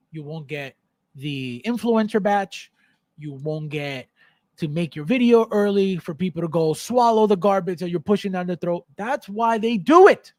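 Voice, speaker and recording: A man's voice: high-pitched, no room sound, clean studio sound. A man hosting a livestream, ranting bluntly and emphatically, repeating himself, swearing, and reading out viewer comments. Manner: emphatic, repetitive, blunt and profane; reads viewer comments aloud. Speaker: livestream host. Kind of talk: unscripted livestream rant.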